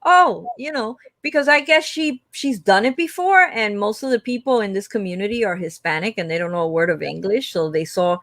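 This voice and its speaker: A woman co-hosting a livestream, telling a lively story in casual chat and acting out the quoted lines with big jumps in pitch. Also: fairly quick, few pauses, dry recording. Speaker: livestream co-host.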